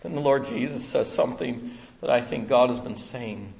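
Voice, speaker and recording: A man preaching a sermon in a church room, dramatic, swinging from loud to hushed. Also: medium pitch, normal speed, gravelly, lo-fi sound.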